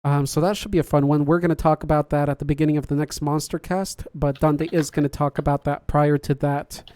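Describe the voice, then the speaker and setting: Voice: medium pitch, little pitch movement, a little fast, mellow, no echo, studio quality. A podcast host chatting casually on a livestream, reading viewer comments aloud, laughing often and joking about their own slips.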